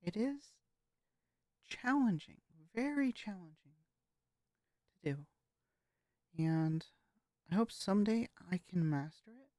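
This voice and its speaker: A woman vlogger talking casually about her voice training, hesitant and halting, with frequent swearing. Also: medium pitch, very animated, mellow, dry recording, clean studio sound. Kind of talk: casual vlog commentary.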